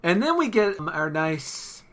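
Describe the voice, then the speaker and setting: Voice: medium pitch, very animated, unhurried, crowd noise. A podcast co-host chatting casually and enthusiastically, swearing freely while retelling film scenes. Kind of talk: casual chat.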